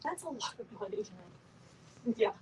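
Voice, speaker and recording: A woman's voice: fairly high pitch, animated, moderate pace, recorded from a distance, slight background noise, rough recording. A middle-aged woman giving a motivational talk to a live audience from a stage, chatty and playful, full of fillers and laughing asides. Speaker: motivational speaker at a sales event.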